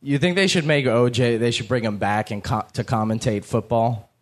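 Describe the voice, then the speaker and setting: A man's voice: mid-range voice, normal speed, slight background noise. A man guesting on a comedy podcast, telling joking stories with crude humor. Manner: joking, crude, lively storyteller. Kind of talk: casual comedic banter.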